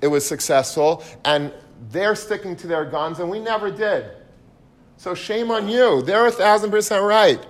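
A man voicing an indignant immigrant wife who scolds her husband, his voice climbing high and loud as he puts her on. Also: steady tone, brisk, hardly any pauses, close to an everyday voice.

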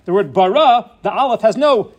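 A man with a fairly high, light voice teaches a Torah lesson on Hebrew grammar. He explains each point in a measured, patient way and weaves Hebrew terms into his speech. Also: lively intonation.

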